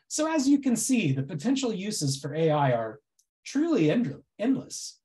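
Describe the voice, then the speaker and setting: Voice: mid-range voice, sing-song, moderate pace, mellow. A presenter giving a prepared comic speech at a meeting, sarcastic and mock-enthusiastic throughout.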